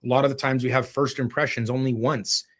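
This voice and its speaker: Man, mid-pitched, casual live-stream coach, talks viewers through a home phone setup. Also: flat delivery, brisk. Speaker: real estate video coach.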